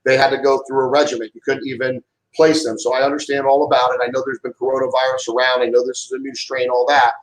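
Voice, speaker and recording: A man's voice: medium pitch, little pitch movement, fast talker, echoey room, rough recording. A middle-aged man delivering an impassioned monologue, heated and emphatic, often repeating himself. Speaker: vlogger giving a political rant.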